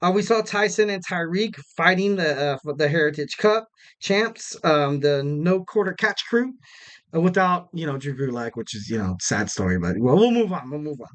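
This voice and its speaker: Speaking at a normal pace in an animated, somewhat high and slightly bright voice, this young man hosts a podcast recapping wrestling. He rambles casually, uses lots of fillers, corrects himself and cracks jokes at his own expense.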